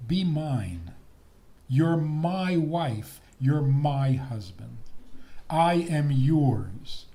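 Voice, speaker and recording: An older man, a rabbi, giving a talk on faith and marriage in a teasing, deliberate manner. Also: a little high. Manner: lively, teasing, slow deliberate delivery with laughs.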